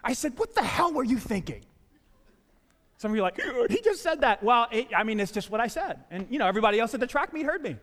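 Middle-aged male pastor, high voice, storytelling sermon, joking asides, long hall echo. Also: racing, few pauses. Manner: animated storytelling with self-deprecating asides and restarts. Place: church sanctuary.

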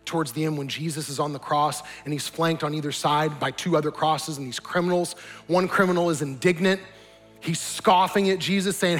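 A man's voice: a little high, steady tone, a little fast. A man preaching as a pastor, earnest, building to emphatic appeals. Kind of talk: sermon. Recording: long reverb with soft music behind.

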